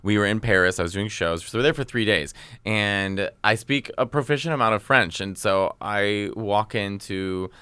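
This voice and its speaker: Bright, smooth-voiced man chatting. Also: fairly low pitch, no echo. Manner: animated, fast storytelling with many fillers. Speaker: podcast guest, stand-up comedian. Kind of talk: casual podcast chat.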